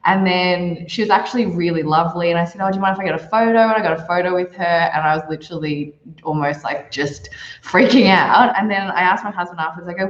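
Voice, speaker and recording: A woman, a podcast guest, telling stories in a casual, animated way and acting out the people she quotes. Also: lowish voice, quick pace. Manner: animated, quoting people in shifting voices. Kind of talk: casual storytelling. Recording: lo-fi roomy remote audio.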